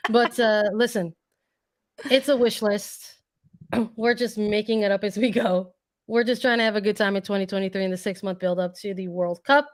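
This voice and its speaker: A woman co-hosting a casual sports podcast, hoarse and losing her voice, who often clears her throat and repeats words while she thinks. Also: medium pitch, level tone, moderate pace. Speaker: podcast co-host.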